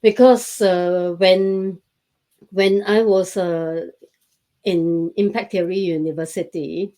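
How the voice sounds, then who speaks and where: A woman's voice: lowish voice, fairly even intonation, slow, dark tone. A woman hosting a casual interview, speaking hesitantly with many fillers. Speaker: host.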